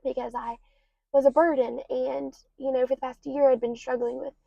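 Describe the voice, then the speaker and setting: A young woman hosts a confessional podcast, talking openly and a bit rambling, with lots of ums and likes. Her voice sits a little high and has a gravelly fry to it. The recording is close and dry but slightly dull and lo-fi. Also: flat delivery, normal speed, no room sound. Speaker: podcast host. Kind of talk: personal confessional podcast talk.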